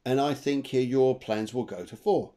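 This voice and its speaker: A man co-hosts an online show as a medium, giving live psychic readings in a chatty, animated way and repeating himself as he goes. He has a mid-range voice at a normal speed, and he is heard over a video call.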